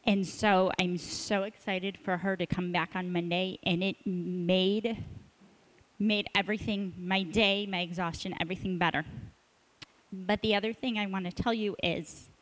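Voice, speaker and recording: A woman's voice: mid-range voice, steady tone, measured pace, rough recording. A woman in her thirties, a cheer coach, sharing an encouraging story with a church group. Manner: earnest, encouraging, speeds up when emphatic. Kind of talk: casual testimony sharing.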